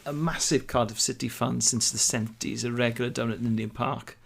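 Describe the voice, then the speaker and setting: A man's voice: medium pitch, steady tone, a little fast, vocal fry. A man from Wales telling a detailed football anecdote in casual chat. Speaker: podcast co-host. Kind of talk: casual storytelling.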